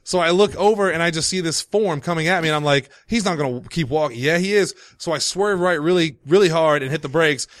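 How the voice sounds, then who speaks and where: Wisecracking man, slightly high voice. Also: fairly bright tone, no echo. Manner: joking, quick anecdotes and wisecracks. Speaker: podcast co-host. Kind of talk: casual chat.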